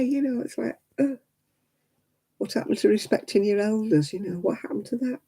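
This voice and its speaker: An older woman talks casually as she hosts a crafting stream, going off on chatty, indignant rants. Her voice is husky and gravelly, with a very dark, mellow tone. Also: medium pitch, moderate pace, poor audio. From United Kingdom. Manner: chatty, indignant ranting with many fillers. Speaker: craft livestream host. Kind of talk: casual chat while crafting.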